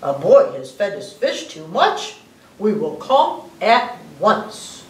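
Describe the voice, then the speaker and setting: Woman reading as a rallying fireman in a storybook, bold and lively, echoey distant sound. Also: medium pitch, slow pace. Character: grown man, brisk fireman. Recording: roomy, distant mic, faint hiss.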